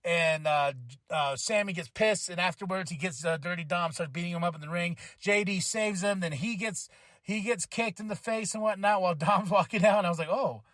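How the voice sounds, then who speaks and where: Man, high voice, tired, rambling podcast recap, laughs a lot, dry close sound. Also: fairly bright tone, no echo. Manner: rambling, laughs often, paraphrases wrestlers in quick asides. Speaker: podcast host. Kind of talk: casual wrestling recap.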